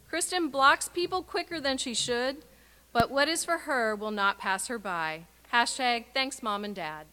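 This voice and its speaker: Names and short messages are read aloud at a graduation by a woman whose voice is bright, forceful, a little high, and animated. Her pacing is clear and measured, and her sign-offs land emphatically.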